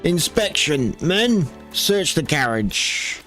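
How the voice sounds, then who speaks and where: A man's voice: fairly high pitch, sing-song, slow pace, pushed and bright, faint music behind, heavily acted. A man voicing a stern male soldier officer who speaks curtly and commandingly, reading a game's dialogue aloud. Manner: curt, commanding.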